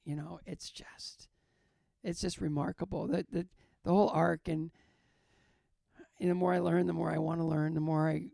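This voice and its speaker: An older man, a guest in an interview, talking earnestly about faith, halting and repeating his phrases. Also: on the high side, flat delivery, vocal fry, warm tone, no echo, studio quality. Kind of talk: reflective faith talk in an interview.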